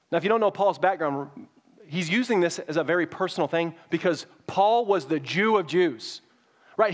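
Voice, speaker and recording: A male pastor delivering a sermon with a slightly high voice. He talks to his congregation casually, then climbs into emphatic, near-shouted points. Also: a little fast. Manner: conversational preaching, rising to emphatic peaks.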